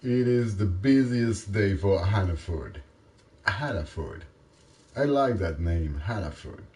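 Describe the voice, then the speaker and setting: A man from Europe chatting casually, halting and repeating his words in non-native phrasing, with faint rain behind him. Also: lowish voice, animated, warm tone. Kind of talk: casual one-sided chat.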